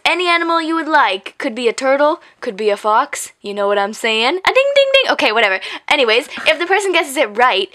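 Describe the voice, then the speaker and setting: A woman's voice: sits high, sharp tone. A young woman guesting as her sister on a vlog, giggly and sarcastic in casual chat. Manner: giggly, sarcastic, laughs often.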